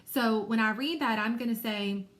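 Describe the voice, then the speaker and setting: A woman teacher giving a recorded reading lesson to young children, explaining patiently and clearly. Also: on the high side, normal speed, fairly bright tone.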